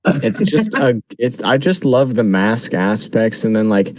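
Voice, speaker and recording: A man's voice: mid-range voice, big pitch swings, measured pace, dry recording. A young man co-hosting a casual podcast chat, telling his take animatedly and acting out his own reactions. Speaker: podcast co-host.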